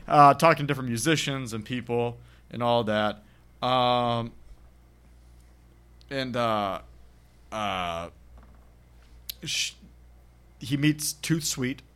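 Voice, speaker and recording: A man's voice: mid-range voice, takes it slowly, long pauses, fairly bright tone, smooth. A man on a podcast casually retelling a film's plot, rambling and acting out the characters' lines. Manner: rambling, acts out characters' lines with bursts of laughter. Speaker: podcast co-host recapping a film. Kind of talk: casual chat.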